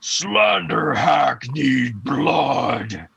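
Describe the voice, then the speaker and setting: A man voicing a bloodthirsty male cave monster who speaks in slow, broken phrases. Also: medium pitch, very animated, creaky, fairly bright tone, slightly rough, full character voice. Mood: menacing.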